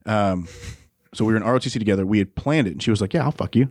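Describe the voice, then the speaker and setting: A young adult man co-hosting a podcast, telling crude stories in an animated way and acting out the people he quotes. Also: fairly low pitch, very fast, no echo, clean studio sound. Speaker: podcast co-host. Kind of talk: casual storytelling chat.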